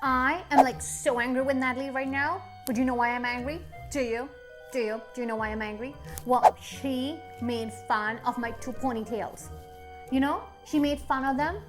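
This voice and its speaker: A woman's voice: high-pitched, moderate pace, loud music behind the voice, close to an everyday voice. A woman playing a sulky, angry schoolgirl with two ponytails in a coaching skit, whining and repeating her questions. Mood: angry sulking. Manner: whiny, repeats herself, childish nagging questions.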